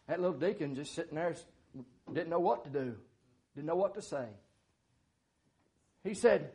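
A man's voice: fairly high pitch, animated, normal speed, pauses often, a little mellow. A man preacher who tells a folksy, plain-spoken story in a sermon, with many filler words.

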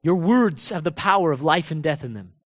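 A man preaches expressively and briskly, posing rhetorical questions and moving between loud proclamation and low, quiet emphasis. He laughs and offers casual asides to the congregation.

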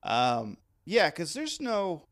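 A man's voice: a little high, huge pitch swings, slow pace, fairly bright tone. A man hosting a podcast in loose banter who rambles and laughs often. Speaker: podcast host.

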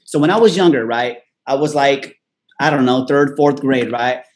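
A man hosting a casual chat, telling a personal story in an animated way and punctuating his sentences with "right?". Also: medium pitch, normal speed.

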